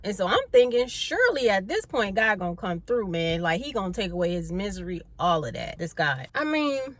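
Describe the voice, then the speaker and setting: A woman hosting a comedic storytelling video, talking in loose, casual slang. She sounds exasperated and expressive, swinging between deadpan asides and loud disbelief. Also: mid-range voice, fairly quick, few pauses. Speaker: video host.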